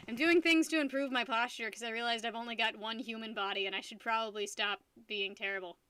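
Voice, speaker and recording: A woman's voice: on the high side, fairly even intonation, fast talker, fairly bright tone, smooth. A young American woman streaming live, chatting casually with her viewers in a giggly, rambling way that keeps restarting sentences. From United States.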